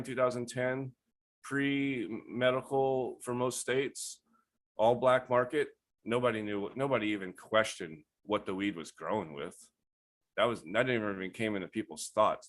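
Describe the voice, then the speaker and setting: Profane, animated male storyteller. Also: medium pitch. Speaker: guest grower. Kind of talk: casual storytelling.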